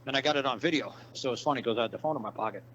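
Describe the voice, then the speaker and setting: A man's voice: mid-range voice, very fast. Male interview guest, casual storyteller, swears freely, slips into the voices of his characters; muffled line with a faint hum. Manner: animated, profane, acts out the people in his story.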